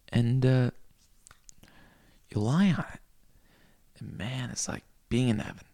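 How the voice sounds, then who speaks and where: A man rambling through a crude comic monologue, cursing freely and swinging into loud rants. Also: medium pitch, takes it slowly, pauses often.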